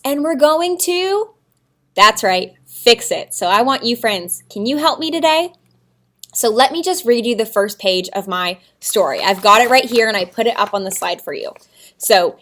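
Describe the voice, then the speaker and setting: High, sing-song woman teaching small kids. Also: fairly bright tone. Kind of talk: recorded remote classroom lesson for young children.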